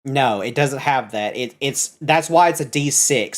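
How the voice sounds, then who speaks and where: A man's voice: mid-range voice, moderate pace, few pauses. A man running a tabletop game as dungeon master, explaining item rules at length and correcting himself as he goes.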